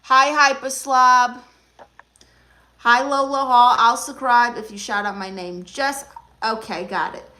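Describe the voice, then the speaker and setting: Speaking slowly with fairly even intonation, a young woman with a Brooklyn, New York accent hosts a live stream as a joking aunt-style therapist. She teases viewers and sasses their comments in a bright, somewhat high voice with a sharp edge.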